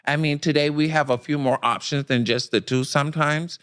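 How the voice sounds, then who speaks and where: A man's voice: fairly high pitch, steady tone, fairly quick, a bit bright, smooth. A man speaking as a guest in a casual podcast discussion, blunt and emphatic, thinking aloud with frequent restarts.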